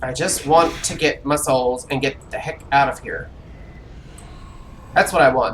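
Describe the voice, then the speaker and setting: A streamer giving live commentary on an online role-playing game, grumbling and talking to themselves with quick reactions. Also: medium pitch, lively intonation, slight background noise.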